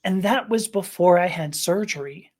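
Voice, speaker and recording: A woman's voice: on the low side, moderate pace, darkish tone. A woman guest on a podcast, telling a personal story candidly, often stammering, laughing and restarting her sentences.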